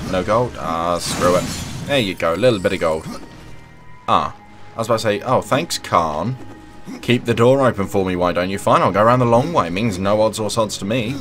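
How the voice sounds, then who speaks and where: During casual gameplay commentary, this young let's play host hums, cracks jokes and speaks directly to the game's characters. He talks at a normal speed in a lowish, slightly bright voice over soft background music.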